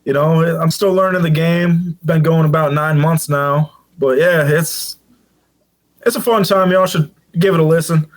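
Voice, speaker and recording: A man's voice: steady tone, a little slow. A man from the Midwest chatting casually as a podcast guest, laid-back and a little rambling. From American Midwest. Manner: laid-back, drops into a deep announcer voice at times. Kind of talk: casual chat.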